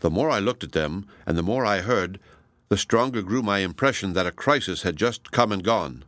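A man narrating a novel in a measured, reflective storytelling manner. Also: lowish voice, expressive, a bit bright, no echo, clean studio sound. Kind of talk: audiobook narration.

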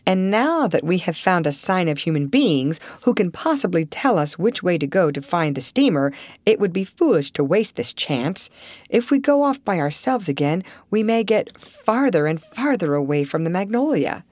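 A serious young man weighs the party's options in a measured, earnest voice, as a woman reads him in an audiobook. The delivery is lively and the recording is dry and close. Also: lowish voice, no room sound. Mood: grave.

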